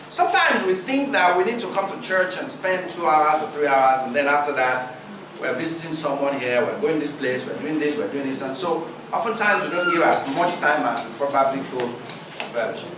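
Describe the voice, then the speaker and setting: A man preaching a sermon, asking his listeners rhetorical questions and using deliberate pauses for effect. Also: fairly high pitch, lively intonation, noisy background. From Nigeria. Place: church hall. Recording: roomy hall recording, distant mic.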